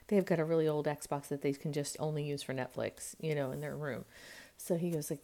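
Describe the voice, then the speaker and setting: Chatty mom with a low, mellow voice. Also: female voice, steady tone, brisk. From United States. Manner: rambling storytelling, acts out quotes with jumps in pitch and loudness. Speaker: vlogger and mother. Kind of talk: casual chat to camera. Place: at home, indoors. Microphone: camera mic.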